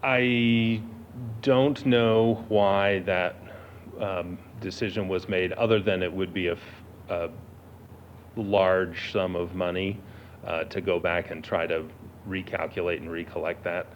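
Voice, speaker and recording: Man, very deep voice, hesitant, staff presenter, lo-fi, faint noise. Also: fairly even intonation, slow pace. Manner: hesitant, with many uhs. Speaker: district finance staff presenter. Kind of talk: answering questions at a public meeting. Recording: dull lo-fi meeting audio with faint noise.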